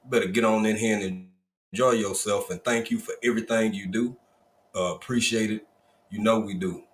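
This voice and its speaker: Man, low voice, folksy livestream host, echoey room. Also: fairly even intonation, normal speed, a little hiss or hum. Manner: folksy, drawling Southern Black vernacular, repeated greetings. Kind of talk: casual livestream chat, greeting viewers.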